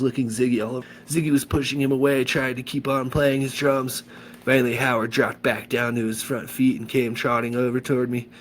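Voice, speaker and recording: A man's voice: mid-range voice, fairly bright tone, slight background noise. Enthusiastic man reading a story aloud. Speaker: audiobook reader. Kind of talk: reading a children's novel aloud.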